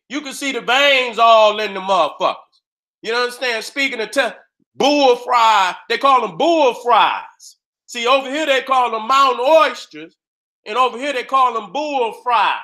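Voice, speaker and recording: A man's voice: sits high, sharp tone. A man hosting his own video, delivering a heated, profane rant in streetwise slang and acting out little dialogues as he goes. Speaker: video host. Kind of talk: profane ranting commentary.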